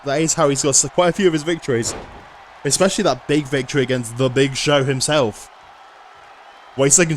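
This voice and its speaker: A man giving lively play-by-play commentary over a wrestling video game, often bursting into loud excited shouts. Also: a little high, a little hiss or hum.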